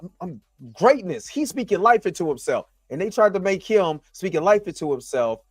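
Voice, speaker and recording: A man with a high, light voice delivers casual stream commentary from a laptop setup, talking straight to his viewers. He is animated and loose, full of slang and asides. The sound is close and dry, with no room echo. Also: fairly quick, faint music behind. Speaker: YouTube commentary host. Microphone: laptop recording setup.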